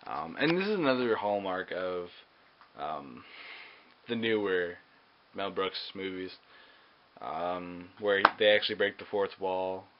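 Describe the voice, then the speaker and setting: A man's voice: low voice, lively intonation, slow pace, pauses often. A man giving a casual movie review, hesitant and full of ums and uhs. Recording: dull lo-fi recording with faint hiss.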